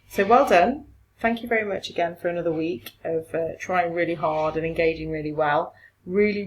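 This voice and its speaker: A woman's voice: lowish voice, a little hiss or hum, poor audio. A woman, a French teacher explaining step by step in a recorded remote lesson, encouraging her pupils.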